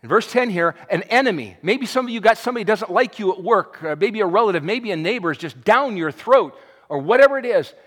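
A male pastor preaching a sermon with passion, swinging between loud cries and hushed, quiet passages. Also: high voice, expressive, fairly quick. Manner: impassioned, swings from shouting to hushed. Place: church sanctuary. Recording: long hall reverb.

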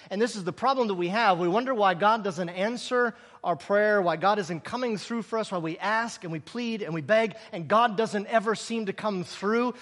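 A man preaching a sermon in an animated way, acting out the scenes he tells and dropping sarcastic asides. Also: high-pitched, brisk, few pauses, in a large hall. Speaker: pastor.

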